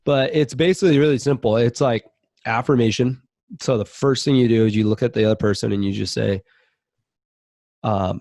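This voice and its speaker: A man's voice: medium pitch, a little fast, darkish tone, dry recording, clean studio sound. A man speaking as a podcast guest in a casual interview, earnest and reflective as he talks openly about his own life.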